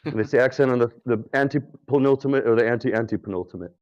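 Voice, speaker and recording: A man's voice: mid-range voice, fast talker. A man with a mid-range voice challenges the others in a casual online debate. He pushes with probing questions and asks for examples. His voice comes through a dull, lo-fi line.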